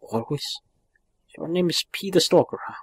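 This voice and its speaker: A man's voice: a little high, animated, normal speed, breathy edge, pitched above the performer's own voice. A man reading the lines of a polite, earnest young boy hero. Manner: earnest, questioning.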